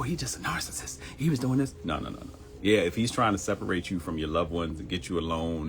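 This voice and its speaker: A man's voice: a bass voice, a little hiss or hum. A man hosting a live morning show, giving a conversational motivational talk that mixes preaching with comedy and acts out quoted voices. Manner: preachy and conversational, addresses listeners as y'all. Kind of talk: motivational live-stream monologue. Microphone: streaming live.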